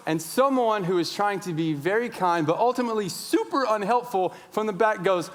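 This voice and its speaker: A man in his thirties, a pastor telling a story in a sermon, acting out his own shouting. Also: high voice, fairly quick, few pauses. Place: large church sanctuary. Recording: long church reverb.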